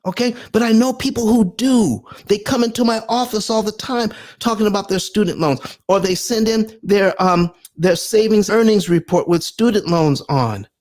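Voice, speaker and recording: A middle-aged man hosting a livestream, reading documents aloud and answering viewers' comments with an animated, preacher-like call and response. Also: high voice, normal speed, few pauses. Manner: reads documents aloud, then explains. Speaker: livestream host.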